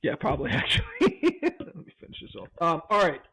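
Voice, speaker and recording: A man's voice: on the high side, wildly swooping pitch, fast talker, bright, forceful tone, slight background noise, low-quality recording. A man co-hosting a podcast in casual chat, telling stories with frequent laughter. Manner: storytelling, laughs often. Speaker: podcast co-host.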